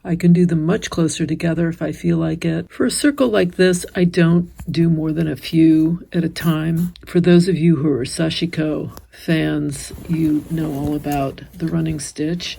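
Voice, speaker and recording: A middle-aged woman hosting a casual embroidery tutorial, chatting gently and thinking aloud as she demonstrates each stitch. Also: deep voice, creaky, breathy edge. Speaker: embroidery teacher and channel host. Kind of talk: casual step-by-step craft tutorial.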